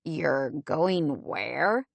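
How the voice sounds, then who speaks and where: A woman's voice: mid-range voice, lively intonation, measured pace, no room sound. A woman voicing a grown man, a worried boyfriend who presses and pleads, in an audiobook. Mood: insistent. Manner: pressing, then gently pleading.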